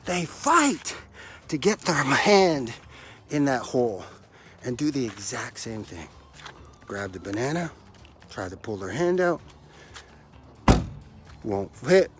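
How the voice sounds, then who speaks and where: A man's voice: mid-range voice, a little hiss or hum. A man hosting a motivational podcast as a life coach, out of breath from running stairs, talking emphatically and repeating his key phrases like a preacher.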